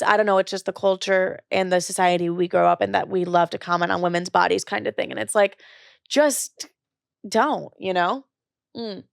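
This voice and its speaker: A woman's voice: mid-range voice, creaky, no room sound, clean studio sound. A young woman in her twenties hosting a podcast, telling her own story in a candid, confessional way, with many casual fillers. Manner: candid, confessional, says "like" often. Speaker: podcast host. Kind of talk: personal storytelling.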